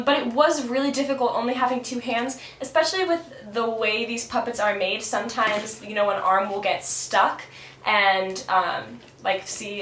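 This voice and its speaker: A woman's voice: mid-range voice, fairly bright tone, slight background noise. Chatty young woman, roomy room. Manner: chatty, many fillers, thinking aloud. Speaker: student. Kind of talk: casual explanatory video.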